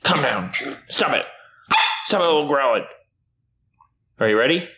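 A man chatting casually on camera while playing with his puppy, playful, often jumping up into high baby-talk at the dog. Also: animated, a little slow, bright, forceful tone. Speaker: YouTuber filming his dog. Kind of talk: casual vlog chat with a puppy.

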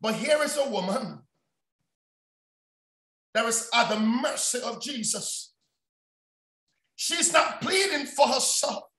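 A man preaching a sermon on a prayer line, shouting often and repeating his phrases. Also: very high-pitched, expressive, slow pace, pauses often. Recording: echoey room sound.

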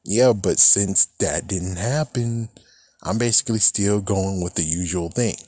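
A man's voice: sits low, a little slow, dark tone. A man on a YouTube channel, talking in a casual, rambling rant, frustrated and swearing often. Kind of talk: casual ranting vlog.

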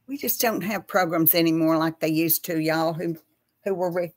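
A woman's voice: fairly low pitch, normal speed. Chatty Texan woman hosting a live chat. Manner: chatty and homey, addressing viewers as y'all. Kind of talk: casual live-stream chat with viewers.

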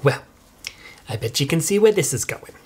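A woman's voice: low voice, very animated, moderate pace, breathy edge, exaggerated voice. A woman playing an entitled middle-aged suburban mother who rambles on in chatty, self-righteous complaints. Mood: indignant. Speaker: mother leaving video messages. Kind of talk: comic monologue.

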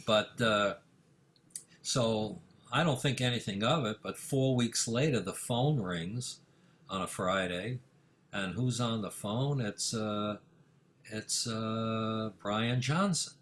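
An older man, a music manager, telling a story in an interview, full of fillers and acting out the dialogue with rising excitement. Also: lowish voice, slow. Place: office in Manhattan.

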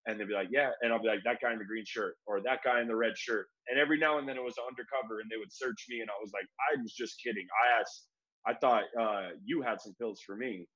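A man's voice: fairly low pitch, steady tone, fast, sharp tone. Slangy young American man telling stories. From United States. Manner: slangy, lots of "like" and "bro". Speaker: MMA fighter being interviewed. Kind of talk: casual storytelling. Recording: dull lo-fi sound.

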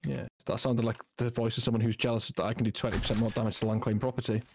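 A man's voice: medium pitch, flat delivery, racing, darkish tone, slight background noise. A man playing a co-op game, chatting casually and cracking dry teasing jokes. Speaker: co-op game partner. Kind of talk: casual gaming chat.

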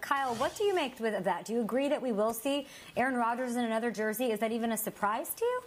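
A woman's voice: a little high, animated, fast. A woman hosting a sports talk show, asking questions and steering the discussion. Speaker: show host.

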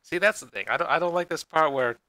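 Brief: rambling sarcastic man co-hosting a chat show, bright tone, dry mic. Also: a little high, fast, no room sound, low-quality recording. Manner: rambling, stammering, sarcastic retelling. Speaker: podcast co-host. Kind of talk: casual review chat.

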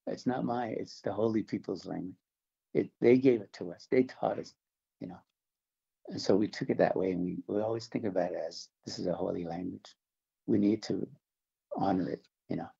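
An older man from the Navajo Nation speaks in an earnest, halting testimony, often repeating himself as he restarts. His voice sits very low, with a gravelly, husky texture and a dark tone. The recording sounds somewhat dull and lo-fi. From Navajo Nation, American Southwest. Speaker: interview guest. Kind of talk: religious testimony interview.

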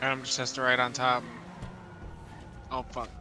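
A man's voice: mid-range voice, completely flat delivery, normal speed, bright, forceful tone, a little hiss or hum. A man chatting casually while playing a game with friends, joking and swearing often. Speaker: gamer streaming with friends.

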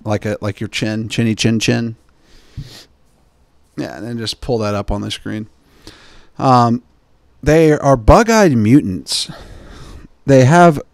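A man hosting a podcast, telling jokey, digressive stories and slipping into quick impressions of the people he quotes. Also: mid-range voice, darkish tone, dry recording, clean studio sound. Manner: digressive, joking, mimics people in quoted asides. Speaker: podcast host. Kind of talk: rambling comedic podcast chat.

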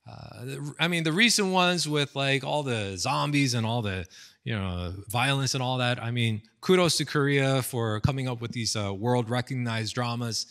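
A pastor speaking at a youth seminar in a casual, chatty way, repeating words, using fillers and acting out stories. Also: male voice, mid-range voice, moderate pace, a bit bright. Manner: storytelling, acts out quotes.

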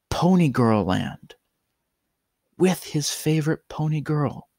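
Slow, deliberate male storyteller. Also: on the high side, sing-song, gravelly, a little mellow, no room sound, clean studio sound. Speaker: narrator. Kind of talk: horror story narration.

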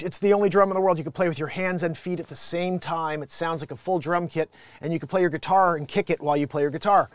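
Host, man, livestream; slightly high voice, dry close sound, rambling and animated. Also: dry recording. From Connecticut, USA. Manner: animated, rambling, frequent restarts. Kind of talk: casual live-stream monologue.

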